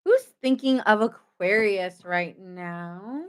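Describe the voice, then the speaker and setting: A woman's voice: medium pitch, expressive, takes it slowly, clean tone. Goofy, chatty woman tarot reader. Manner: goofy and chatty, jokes and giggles often. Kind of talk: casual late-night tarot reading.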